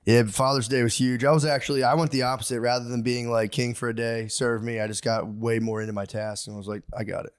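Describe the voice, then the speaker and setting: Casting: man, 30s, comedy podcast co-host, loose rambling delivery, mid-range voice, jumps to shrill yelps when quoting. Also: level tone, fast talker, hardly any pauses, clear, resonant tone, no echo, clean studio sound. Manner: rambling, acts out quotes with sudden high yelps. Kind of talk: casual comedic chat.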